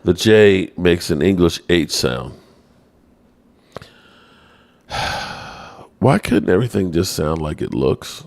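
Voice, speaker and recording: Gravelly, slow-talking man hosting live chat. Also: expressive, a little mellow. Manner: playful, self-mocking, chatty; voice leaps high when exasperated. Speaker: sports podcast host reading live chat. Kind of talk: casual live-stream sports talk.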